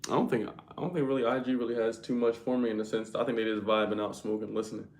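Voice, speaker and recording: A man's voice: medium pitch, fairly even intonation, quick pace, a little mellow, echoey room. A young man hosting a livestream, talking loosely and slangily straight to his viewers' chat. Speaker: livestream host.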